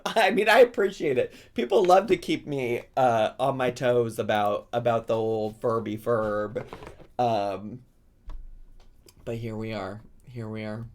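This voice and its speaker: A man's voice: medium pitch, measured pace, darkish tone. A man hosting a casual live stream, chatting playfully with viewers and breaking into squeals and giggles. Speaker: streamer host.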